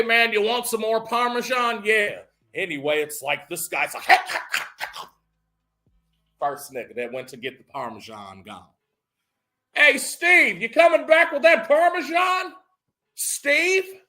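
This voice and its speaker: Man, high and bright-voiced; profane, animated comedic storyteller doing characters mid-recap.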